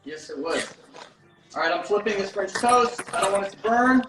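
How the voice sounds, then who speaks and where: A man hosting a casual livestream, telling lively stories while he cooks, heard over a video call. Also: high voice, moderate pace, noisy background. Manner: lively, storytelling, talks while cooking. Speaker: host.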